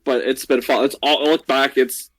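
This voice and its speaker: A man narrating as game master in a tabletop game, with lively, rambling descriptions. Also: medium pitch, moderate pace, no room sound, poor audio.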